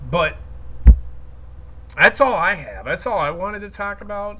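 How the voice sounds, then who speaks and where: A woman's voice: sits low, a bit bright, a little hiss or hum. A woman co-hosting a wrestling podcast, ranting and swearing heavily in casual chat. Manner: profane, ranting, heated. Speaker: podcast co-host.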